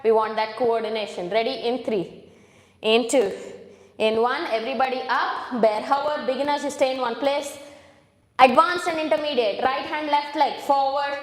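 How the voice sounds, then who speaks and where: A woman's voice: sits high, fairly even intonation, moderate pace. A woman leading a home workout class, counting reps and coaching form, out of breath at times. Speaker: fitness instructor. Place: home room with a hard floor. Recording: echoey room with long reverb.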